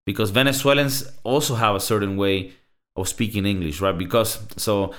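Speaking at normal speed in a fairly bright voice on the low side, a Latin American podcast co-host keeps the casual chat loose and profane. He leans heavily on "bro" and "like."

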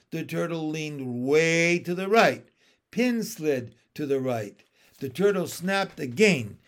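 Male storybook reader, unhurried, slightly high voice, quiet and low-key. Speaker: audiobook reader. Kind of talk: storybook narration.

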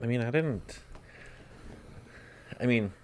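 A man who is the host's partner, speaking on a podcast in a halting way with many fillers and restarts. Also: medium pitch, animated, a little hiss or hum. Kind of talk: casual conversation.

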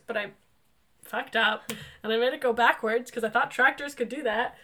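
Bright, animated young woman co-host. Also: on the high side. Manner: bubbly and animated, quick to laugh. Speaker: podcast co-host. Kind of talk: casual chat.

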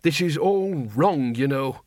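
A man's voice: a little high, expressive, slow pace, darkish tone, dry recording, clean studio sound. A man voicing a fussy, sarcastic older wizard in an audiobook, prissy about standards. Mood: sneering.

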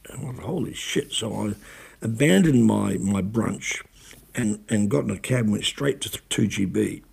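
A man's voice: lowish voice, moderate pace, creaky, a little mellow, breathy edge. A man, a radio broadcaster, recounting events in a rambling, self-correcting way with blunt swearing. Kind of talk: casual spoken recollection.

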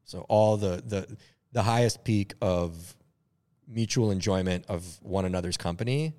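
Deep voiced podcast guy, rambly and thoughtful, lots of likes and ums. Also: a little slow, dark tone. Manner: reflective, searching for words with many fillers. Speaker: podcast co-host. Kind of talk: casual chat.

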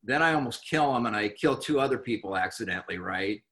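A middle-aged man telling his own recovery story candidly, halting with many restarts and wry laughs. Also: on the low side, expressive, a bit bright. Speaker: recovering alcoholic guest.

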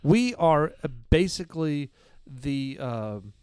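A man's voice: a little high, expressive, takes it slowly, a little mellow, clean tone, no room sound, clean studio sound. A middle-aged American man co-hosting a podcast, ranting with heated indignation. He swears freely and often restarts his sentences. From United States. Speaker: podcast co-host. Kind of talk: casual profane podcast rant.

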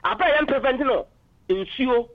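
A man's voice: very high-pitched, expressive, a little slow, no echo. A man calling in to a political radio talk show, arguing passionately and switching into English phrases, heard over a dull phone line. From Ghana.

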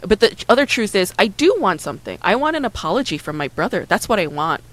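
A woman's voice: mid-range voice, fast, rough recording. Candid woman telling a story. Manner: candid, animated storytelling with acted quotes; frequent "like" and "right?" fillers. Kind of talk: casual chat.

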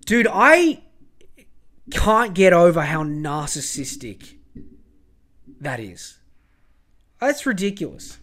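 High-voiced man ranting. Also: animated, slow, long pauses, a bit bright. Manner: heated, profane ranting. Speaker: podcast host. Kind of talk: casual podcast monologue.

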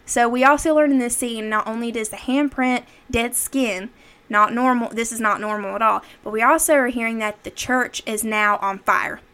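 Bright, chatty woman recapping a movie. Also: fairly high pitch, normal speed, clear, resonant tone. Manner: chatty, filler-heavy retelling with acted quotes. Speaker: podcast co-host. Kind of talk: casual movie recap chat.

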